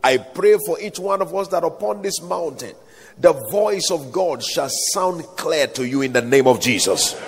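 Gravelly and expressive, this man's voice sits on the high side as he preaches at a moderate pace. He recites scripture in a dramatic call-and-response sermon, with echoey hall reverb suggesting a large hall or outdoor crowd.

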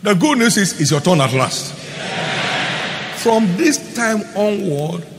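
A man giving a sermon as pastor, emphatic, repeating key phrases and swinging between loud declarations and hushed lines. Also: high voice, very animated, slow. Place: large church hall. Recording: long hall reverb, faint noise.

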